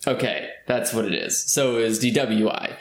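A man's voice: lowish voice, moderate pace. A man from California, telling a story in casual chat, rambling with fillers and restarts. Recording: roomy echo.

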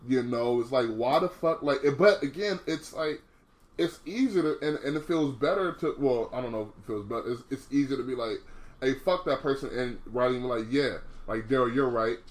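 A man at medium pitch speaks fairly quickly as a podcast co-host in casual conversation. He's blunt and foul-mouthed, calls people "bro" a lot, and keeps restarting what he says.

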